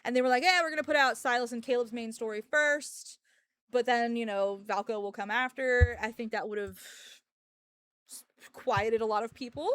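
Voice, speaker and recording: A woman's voice: on the high side, steady tone, normal speed, a bit bright, no room sound. A young woman streaming and chatting casually, ranting sarcastically and laughing often. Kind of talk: casual livestream chat.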